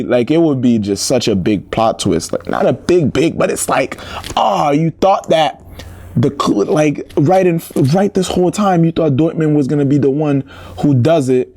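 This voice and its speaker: A man's voice: a little high, darkish tone. A young man hosting football news, chatty and joking, with slangy asides. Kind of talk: casual football news commentary.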